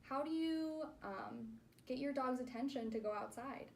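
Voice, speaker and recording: A woman's voice: high voice, normal speed, a little mellow. A woman speech clinician giving a therapy demonstration, patiently modeling words and praising each try.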